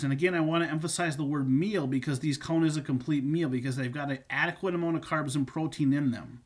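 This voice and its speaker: Male fitness coach, slightly high voice, casual instructional delivery, loose and filler-heavy. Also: fast talker, few pauses. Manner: chatty, repeats points with fillers. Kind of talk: instructional talk on supplements.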